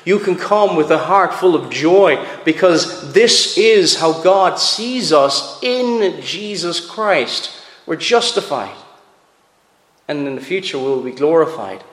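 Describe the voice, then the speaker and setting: A man with a slightly high voice preaches to his congregation, earnest and emphatic, doubling words as he presses each point. His voice rings through a roomy church with a long, lingering reverb. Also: lively intonation, slow, fairly bright tone. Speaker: pastor. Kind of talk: sermon. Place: church sanctuary. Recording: echoey hall with long reverb.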